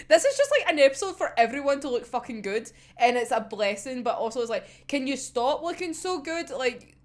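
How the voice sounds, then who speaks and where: A woman casually discussing an anime episode, animated and sweary, often breaking into laughter. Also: sits high, normal speed.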